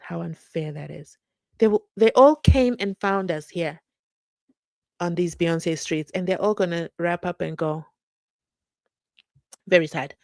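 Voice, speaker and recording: In a dry recording, a woman with a mid-range voice hosts a casual livestream. Originally from South Africa, she reads viewer comments aloud and reacts in an animated way, singing short bits and adding playful side comments.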